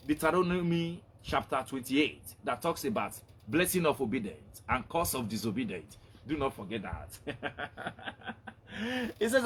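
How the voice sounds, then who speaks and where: A man's voice: fairly high pitch, slightly rough. A man teaching as a religious preacher, telling a story with acted-out dialogue and repeated words. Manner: animated retelling, repeating words, acting out dialogue. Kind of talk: storytelling sermon to online viewers.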